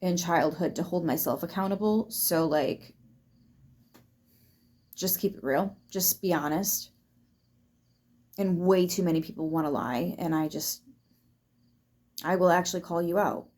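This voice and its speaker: A woman's voice: fairly low pitch, unhurried, pauses often, a little mellow. A woman giving a casual tarot reading to her viewers in a chatty way, laughing often and swearing freely. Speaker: tarot reader.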